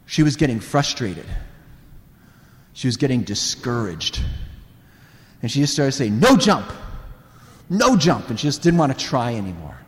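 Animated preacher in a ringing hall. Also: male voice, medium pitch, moderate pace, pauses often. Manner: animated, laughs often while telling family stories. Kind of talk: sermon storytelling. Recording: reverberant hall.

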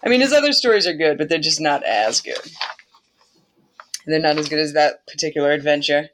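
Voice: mid-range voice, brisk, a bit bright, slight background noise. A podcast host retells an old myth in a loose, irreverent way. The delivery is chatty, with frequent laughter and the odd swear word.

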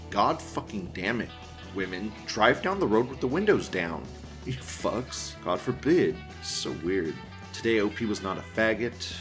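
Host, male, lower register, casual and crude, mocking delivery, faint music bed. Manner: crude, mocking, laughs often. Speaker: host of a news commentary show. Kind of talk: casual commentary reading comments.

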